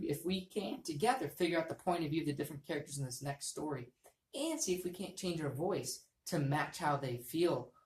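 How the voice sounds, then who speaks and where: A woman teacher giving a reading lesson to young students, explaining patiently and repeating key points. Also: deep voice. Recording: echoey room.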